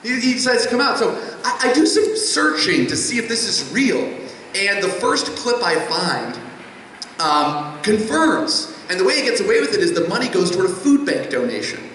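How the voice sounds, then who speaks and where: A man telling a personal story live on stage, animated and rambling, with a self-mocking streak. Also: high voice, moderate pace, slight background noise. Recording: echoey live hall.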